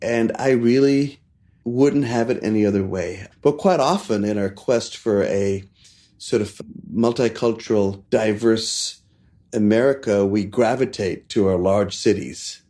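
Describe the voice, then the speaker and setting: Male chef from India, animated anecdote-teller, laughs easily. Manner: animated, laughs often, shifts pitch for quoted voices. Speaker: chef and guest. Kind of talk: casual interview storytelling.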